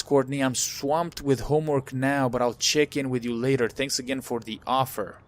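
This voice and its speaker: A man's voice: mid-range voice, steady tone, normal speed, few pauses. Male let's-play host, mid-range voice, loose and casual, reads game texts aloud with fillers and asides.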